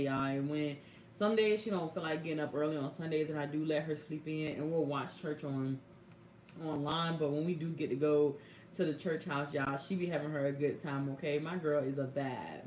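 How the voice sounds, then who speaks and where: A young woman caregiver telling stories on a live stream, speaking AAVE and talking to viewers in a lively, chatty way. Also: sits low, fairly quick, slight background noise. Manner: animated, chatty, addresses viewers as y'all and baby. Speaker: caregiver vlogger. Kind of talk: casual live-stream storytelling. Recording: echoey room.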